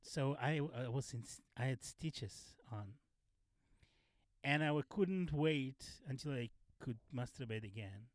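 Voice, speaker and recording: A man who is a podcast guest, telling personal stories in casual chat, halting and restarting often. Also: medium pitch, no echo. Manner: halting, many fillers and restarts, frank.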